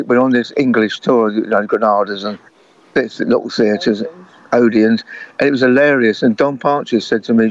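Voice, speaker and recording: An older man chatting casually and telling animated stories from his touring days. He slips into other people's voices and laughs along as he goes. The recording is dull and lo-fi. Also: mid-range voice. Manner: lively anecdotes, acts out other voices with laughter. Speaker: guest musician. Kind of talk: casual storytelling chat.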